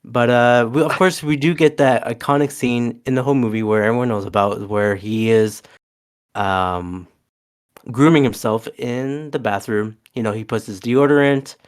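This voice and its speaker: A man co-hosting a podcast, recapping a film scene by scene in casual chat, halting often with fillers and restarts. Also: medium pitch, fairly even intonation, clear, resonant tone. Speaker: podcast co-host.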